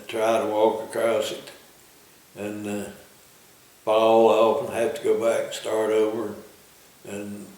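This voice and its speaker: A man's voice: lowish voice, a little mellow. A man plainly recalling his scouting days in an interview. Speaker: interviewee, former scout leader. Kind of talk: reminiscing interview. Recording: very echoey room, distant mic.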